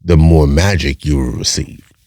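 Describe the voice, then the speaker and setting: A man's voice: a bass voice, normal speed, dark tone, dry recording, clean studio sound. A man hosting a podcast, talking bluntly and profanely, firing off rhetorical questions and repeating himself. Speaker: podcast host. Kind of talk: casual monologue.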